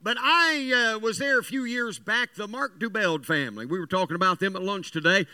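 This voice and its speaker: A man's voice: sits high, a little fast, sharp tone, clean tone, no room sound. A man from West Virginia preaching a sermon, telling folksy stories in an earnest, emphatic way.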